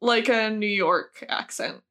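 A woman's voice: medium pitch, takes it slowly, bright, forceful tone. A woman co-hosting a podcast, chatting casually in a dry, self-deprecating way and laughing often. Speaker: podcast co-host.

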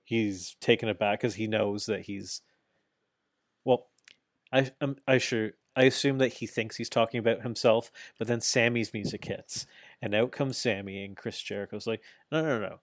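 A man's voice: on the low side, fairly even intonation, normal speed, dry recording, studio quality. A man in casual podcast chat, animatedly retelling events, acting out quotes, swearing now and then. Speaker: podcast co-host. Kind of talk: casual chat recapping wrestling.

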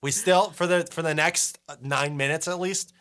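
A man's voice: on the high side, steady tone, normal speed, fairly bright tone. A man co-hosting a podcast in casual chat, teasing and joking, swearing freely. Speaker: podcast co-host.

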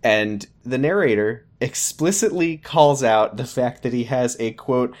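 A man's voice: medium pitch, unhurried, darkish tone. A man co-hosting a podcast, chatting casually about a show, often restarting his sentences and chuckling. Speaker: podcast co-host. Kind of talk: casual recap chat.

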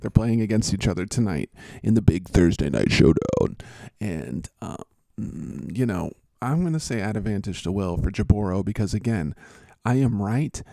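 A man's voice: lowish voice, gravelly, warm tone, dry recording. A man hosting a casual chat, joking and rambling with a teasing manner. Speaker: host.

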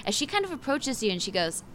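A woman's voice: a little high, big pitch swings, fast talker, very noisy. A woman running a tabletop game as game master, narrating vividly and loosely with fillers.

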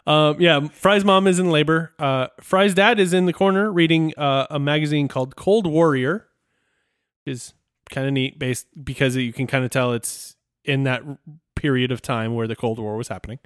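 A man's voice: fairly high pitch, normal speed, smooth, no echo, studio quality. A married man co-hosting a casual podcast, rambling and self-deprecating and laughing often. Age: adult, married. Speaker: podcast co-host.

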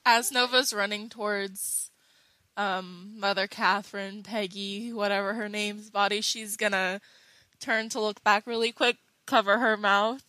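A woman's voice: medium pitch, steady tone, a little slow, pushed and bright, smooth, no room sound. A woman playing her character in a tabletop game, playful and giggly. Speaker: player. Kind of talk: casual tabletop play.

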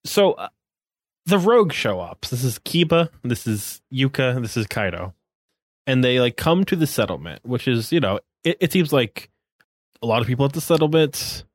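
A man's voice: medium pitch, big pitch swings, moderate pace, no room sound. A man co-hosting a podcast, talking casually in a rambling, wry way with many fillers. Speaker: podcast co-host.

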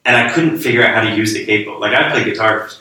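Priest, low voice with a bright, sharp tone, easy anecdotal delivery, echoey room, mic at a distance. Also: male voice, fast. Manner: laughing, anecdotal. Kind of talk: casual conversation.

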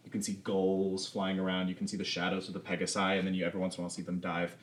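A man narrating as game master in a tabletop game, relaxed and full of fillers. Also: low voice, very fast, slight background noise.

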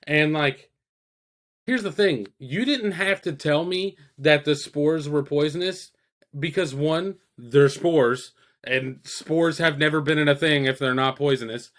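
A man co-hosting a podcast reviews films in casual, rambling, profane chat packed with fillers and quoted asides. His voice is a little high and a bit bright, and he keeps a measured pace.

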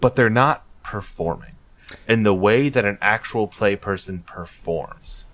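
Man, casual podcast chat, stumbling, analytical, fairly low voice. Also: unhurried, fairly bright tone.

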